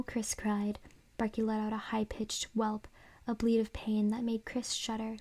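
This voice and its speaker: A woman reading a children's horror story aloud in a soft, unvoiced whisper, as whispered role-play. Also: a little high, monotone, a little slow. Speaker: ASMR reader.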